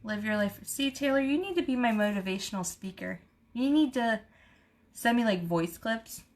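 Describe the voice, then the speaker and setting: A woman, hosting a casual live stream and telling stories in an animated, chatty way. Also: fairly high pitch, normal speed. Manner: chatty, animated storytelling with laughs. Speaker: beauty vlogger host. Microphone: camera mic on a live stream.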